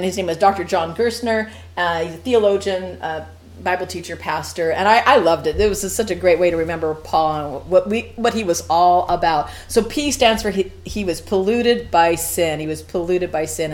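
A woman teaching a Bible sermon in a conversational, animated way, with frequent laughs and asides. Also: lowish voice.

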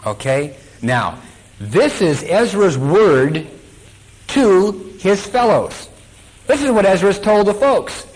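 A man's voice: high voice, sing-song, slow, a little mellow, rough recording. Man preaching, quizzing his congregation. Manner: quizzes the congregation, acts out quotes. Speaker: Bible teacher. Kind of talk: sermon.

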